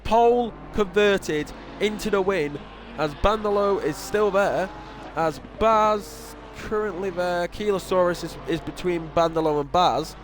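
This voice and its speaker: Unhurried and high-pitched, a young race commentator from northern England chats casually through a sim racing series, wandering off topic and putting himself down along the way. The audio carries a little hiss or hum.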